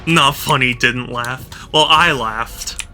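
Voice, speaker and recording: A man's voice: medium pitch, slow, bright, forceful tone. A man streaming a video game, joking and laughing often in casual commentary. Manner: playful and joking, with frequent laughs. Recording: game music playing underneath.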